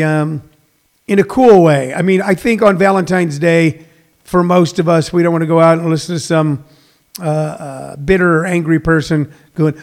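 A man's voice: a little high, vocal fry. A middle-aged man hosting a comedy podcast in a rambling, self-correcting way, full of fillers. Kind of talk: casual solo radio-style show.

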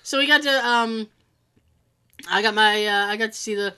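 Bright-voiced woman telling animated stories. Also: mid-range voice, normal speed, clean tone. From Massachusetts, USA. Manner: animated storytelling, acts out quoted people. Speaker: podcast co-host. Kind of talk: casual chat.

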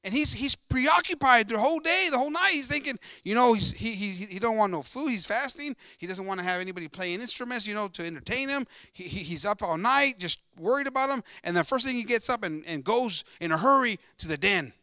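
A man's voice: high voice, animated, fairly quick, hardly any pauses, sharp tone, dry recording, studio quality. A man preaching an emphatic bilingual sermon, switching between Spanish and English and often calling out to his congregation. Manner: emphatic, repetitive, addressing the congregation as brothers.

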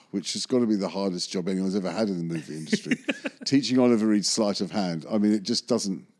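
A man's voice: sits low, fairly quick, a little mellow. A man, a magician, telling a rambling anecdote in an interview, often correcting himself and chuckling. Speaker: magician recalling film work.

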